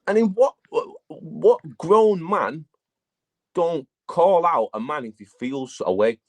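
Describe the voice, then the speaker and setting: A man, a battle rap guest talking casually in an interview, telling animated stories and swearing a lot. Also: fairly high pitch, slow pace. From England. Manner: animated storytelling, heavy swearing.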